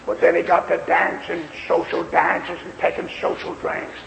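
A male preacher tells a story in a high, gravelly voice with a folksy, emphatic style, though his delivery stays flat at a moderate pace. His sermon echoes through a large hall with a long reverb tail, and a faint hiss sits in the background.

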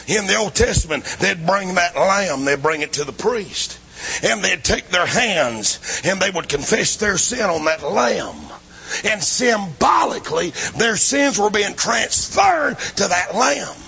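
Man, preacher, revival sermon, very lively pitch, shouts then drops to a hush. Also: a little slow, gravelly, husky. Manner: swings between shouting and low, hushed lines. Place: church building.

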